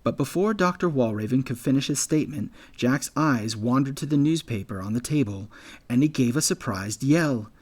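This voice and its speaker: A man narrating an audiobook in measured, scripted storytelling. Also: medium pitch, lively intonation. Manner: measured storytelling, voicing all characters.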